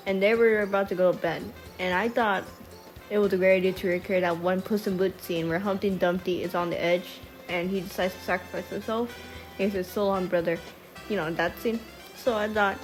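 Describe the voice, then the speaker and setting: A woman's voice: mid-range voice, fairly even intonation, moderate pace. A woman rambling through a casual storytime voice-over in a mid-range voice, swearing freely and chasing side tangents. Her speech catches in small stutters, and faint music plays underneath. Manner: stutters at times. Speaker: storytime vlogger. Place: voice-over over a speedpaint video. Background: faint background music.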